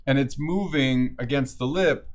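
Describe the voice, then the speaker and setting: A man's voice: medium pitch, a little slow. A man coaching voice technique in a casual lesson, explaining with frequent restarts and self-corrections.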